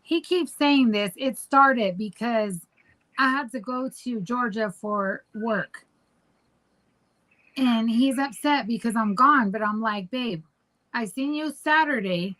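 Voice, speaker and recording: A woman's voice: on the high side, takes it slowly, fairly bright tone, low-quality recording. A woman co-hosting a podcast, talking in a casual, rambling way and teasing her husband. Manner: rambling, teasing, goes back and forth. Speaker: podcast co-host. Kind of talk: casual chat.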